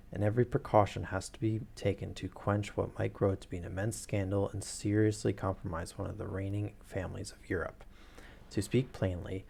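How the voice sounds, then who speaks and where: A proud, towering masked nobleman from a storybook reading, speaking in grave, formal tones, as a male reader puts him on. His voice is low and gravelly, and stays close to the reader's own. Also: darkish tone.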